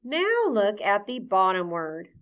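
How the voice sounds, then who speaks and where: A woman teaching a phonics lesson to young children, patient and clear, sounding out each letter sound deliberately. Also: medium pitch, very animated, fairly bright tone.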